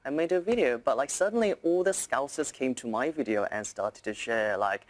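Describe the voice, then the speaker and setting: A man's voice: medium pitch, expressive, moderate pace, hardly any pauses. Man chatting as a TV guest. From South Korea. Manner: chatty, many fillers, slips into imitated British accents. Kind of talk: casual interview chat. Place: TV studio.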